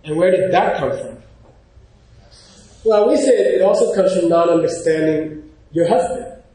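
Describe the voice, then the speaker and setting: A man giving an informal, animated lecture, often pausing to check in with his class. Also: high voice. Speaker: teacher. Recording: very echoey room.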